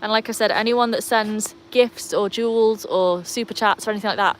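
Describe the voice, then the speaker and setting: A woman chatting her way through a live stream, rambling and relaxed, full of "like" and "um". She talks outdoors by a pool in a middling voice, with faint ambient noise and dogs behind her. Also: mid-range voice, brisk. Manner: chatty and rambling, with many fillers. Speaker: live-stream host of a dog channel. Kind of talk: casual live-stream chat.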